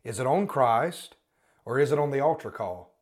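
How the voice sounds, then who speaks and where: Speaking expressively at a moderate pace, this male podcast host has a mid-range voice. His critical take on religion keeps circling back to the same rhetorical questions, and he often starts sentences over.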